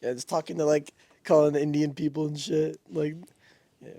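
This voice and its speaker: A young man co-hosting a podcast, telling animated stories full of slang and swearing. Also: fairly high pitch, fairly quick, vocal fry, dry recording. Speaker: podcast co-host. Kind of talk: casual chat.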